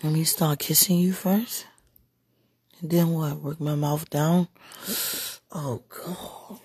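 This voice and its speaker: Husky woman in a breathy monologue. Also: low voice, steady tone, measured pace, dark tone, dry recording. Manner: breathy, slips into whispers, repeated sighing exclamations. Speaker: podcast speaker. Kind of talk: intimate spoken monologue.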